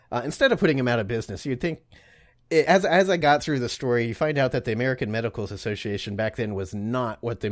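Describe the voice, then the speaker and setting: A man's voice: mid-range voice, dry recording, studio quality. A man co-hosting a podcast, casually telling an odd history story with lots of jokes, swearing and laughter. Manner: profane, jokey, laughs often. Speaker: podcast co-host. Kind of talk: casual comedic history chat.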